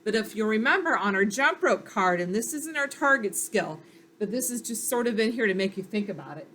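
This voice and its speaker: A woman's voice: mid-range voice, lively intonation, a little fast, a bit bright, slight background noise. A woman teacher giving a patient phonics lesson to young children, sounding out letters and praising them.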